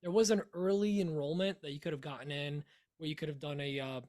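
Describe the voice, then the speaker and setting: A man's voice: on the high side, fairly even intonation, fast, darkish tone. A man co-hosting a woodworking podcast in casual chat, rambling and joking with frequent laughter. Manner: rambling, jokey, laughs often. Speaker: podcast co-host.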